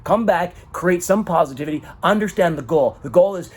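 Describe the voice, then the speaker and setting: A man's voice: fairly high pitch, lively intonation, moderate pace, hardly any pauses, husky. A man in an emotional personal monologue, talking dramatically and swearing often. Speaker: vlogger.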